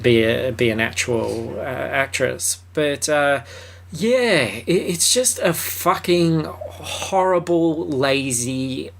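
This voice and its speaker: A man's voice: mid-range voice, expressive, slow pace, vocal fry, slight background noise. A man co-hosting a film review podcast, talking in a loose, rambling way with fillers, restarts and casual swearing. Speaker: podcast co-host.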